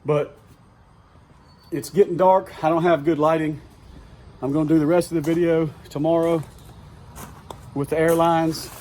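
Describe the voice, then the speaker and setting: A man's voice: on the high side, level tone, measured pace, long pauses, a little mellow, a little hiss or hum. A man with a Southern US accent talking casually and profanely as he vlogs a truck repair in his home garage, rambling and exasperated. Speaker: DIY truck vlogger. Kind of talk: casual workshop vlog rant.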